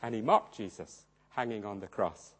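A man preaching a sermon, swinging dramatically between loud emphasis and hushed low tones. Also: normal speed, breathy edge. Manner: acts out quoted voices in his storytelling.

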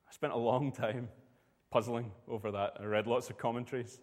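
Preacher telling a story in a hall. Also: male voice, mid-range voice, steady tone, a little fast. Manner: storytelling, conversational. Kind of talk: sermon.

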